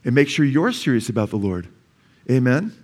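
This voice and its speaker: A man's voice: medium pitch, big pitch swings, brisk, a little mellow. A middle-aged male pastor giving a conversational sermon, mixing personal stories with scripture and asking "amen?" often. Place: church.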